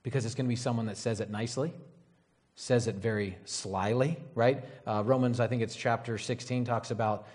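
A man's voice: medium pitch, fairly even intonation, fairly quick, darkish tone. Casual rambling male preacher. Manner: casual, rambling, frequent "right?" and "you know". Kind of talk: conversational sermon.

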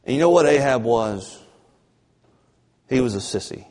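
A man preaching a fervent sermon as pastor, swinging between loud emphasis and low, drawn-out passages. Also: animated. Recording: long church reverb.

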